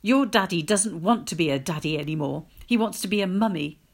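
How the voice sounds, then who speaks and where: A woman voicing a distraught mother who swears in loud, bitter outbursts in a storybook reading. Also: fairly high pitch, expressive, normal speed, pitched above the performer's own voice. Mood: wailing. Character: distraught angry Scottish mother.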